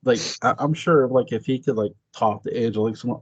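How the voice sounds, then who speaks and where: A man chatting casually as a podcast host, excitable and swearing freely, his voice jumping up high when he exclaims. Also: fast talker, muffled recording. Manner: swears freely, laughs often. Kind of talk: casual chat.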